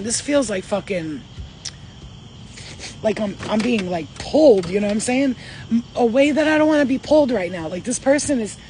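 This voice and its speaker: A woman's voice: on the high side, a little mellow, a little hiss or hum. A woman speaking as a spiritual medium in a casual channeling vlog, rambling, emphatic and swearing freely.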